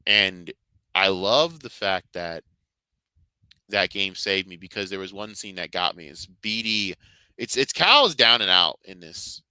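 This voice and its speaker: Forceful low-voiced man ranting. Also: lively intonation, measured pace, smooth, no echo, rough recording. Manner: rambling, heavy swearing, fervent. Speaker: video game and Star Wars reviewer. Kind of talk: casual reaction commentary.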